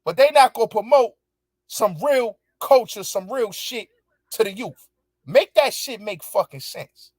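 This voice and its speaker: A man's voice: sits high, animated, a little slow, dry recording, clean studio sound. A man hosting his show, angrily ranting back at viewers in heavy profanity, repeating his points with emphasis. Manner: angry, profane, repetitive, emphatic. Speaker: show host. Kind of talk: heated commentary rant answering viewers.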